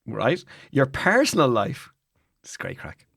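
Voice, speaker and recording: An Irish man co-hosting a podcast in casual chat, animated and jokey, rambling with restarts. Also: medium pitch, slow, vocal fry, breathy edge, no echo, studio quality. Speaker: podcast co-host.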